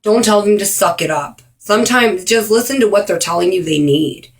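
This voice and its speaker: A woman talking straight to camera in an earnest personal video, with many ums and pauses for emphasis. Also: mid-range voice, expressive. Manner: earnest, frequent ums, speeds up and slows down for emphasis. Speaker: vlogger. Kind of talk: earnest direct-to-camera awareness talk.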